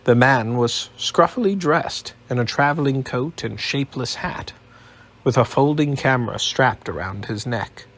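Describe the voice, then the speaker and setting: A man narrating an audiobook in a steady, even storytelling manner. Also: medium pitch, unhurried.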